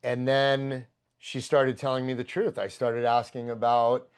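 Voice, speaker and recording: Male podcast guest with a rough, gravelly voice and a mid-range pitch, casual and excitable, cursing freely. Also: unhurried. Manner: profane, excitable, rambling. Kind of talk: casual storytelling.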